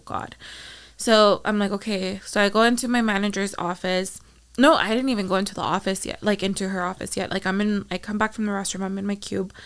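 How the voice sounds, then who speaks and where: A young woman with a smooth, clear voice co-hosting a casual podcast. She tells her side of events in a relaxed way, with frequent fillers. Her pitch is mid-range for a woman. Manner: relaxed storytelling with many fillers. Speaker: podcast co-host. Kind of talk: casual chat.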